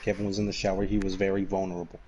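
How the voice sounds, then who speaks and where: A man's voice: deep voice, flat delivery, very fast, lo-fi sound. A man co-hosting a game stream, joking in a dry, teasing way. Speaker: co-host. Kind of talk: casual banter over gameplay. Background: game music.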